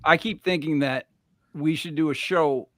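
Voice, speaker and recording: A man with a Rhode Island accent who drops his R's, co-hosting a podcast in animated, joking banter. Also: a little high, moderate pace, dry recording, studio quality. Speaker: podcast co-host.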